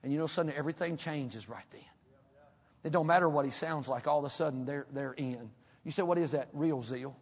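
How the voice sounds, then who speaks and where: A Kentucky-raised male pastor preaches in a folksy, animated way, mixing humor into his stories. His voice sits high for a man, and it carries a long reverb through a large church sanctuary. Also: quick pace, breathy edge. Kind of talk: sermon with storytelling.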